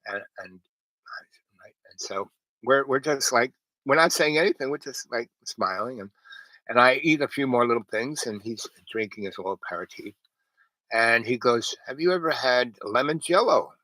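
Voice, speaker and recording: A man's voice: medium pitch, normal speed, sharp tone, dry recording, low-quality recording. Rambling man telling a story. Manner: meandering, many fillers and restarts, quotes others. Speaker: storyteller host. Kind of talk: rambling casual anecdote.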